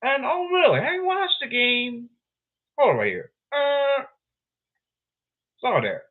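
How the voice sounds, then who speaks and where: Male podcast host, slow and lively, rambling and repetitive, tinny phone-quality audio. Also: very high-pitched. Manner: rambling, excitable, repeats phrases. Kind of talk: casual solo podcast commentary.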